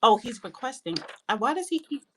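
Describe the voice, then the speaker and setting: A woman's voice: a little high, big pitch swings, a little fast, slight background noise. A woman hosting a live audio room, talking bluntly and with plenty of swearing about politics and calling on speakers. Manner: blunt, profane, scolding. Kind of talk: casual heated political talk.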